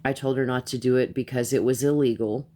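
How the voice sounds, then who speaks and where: A woman with a very deep, steady, warm voice rants heatedly on a social-media live stream, talking a little fast. She's a blunt, profane commentator who repeats herself when she gets worked up.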